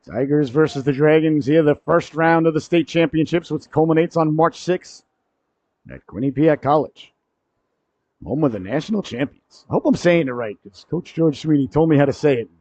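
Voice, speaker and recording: A man calling a high school hockey game play-by-play, cracking jokes between plays and shouting on goals. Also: lively intonation, moderate pace, no room sound. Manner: jokey asides, rises sharply to shouts on goals. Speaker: play-by-play commentator. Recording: dry, dull lo-fi broadcast audio.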